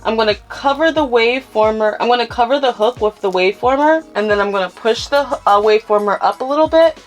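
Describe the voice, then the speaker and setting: A woman's voice: on the high side, fairly quick, faint music behind. A young woman with a Philadelphia accent giving a casual step-by-step hair tutorial, chatting to viewers as y'all. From Philadelphia, USA.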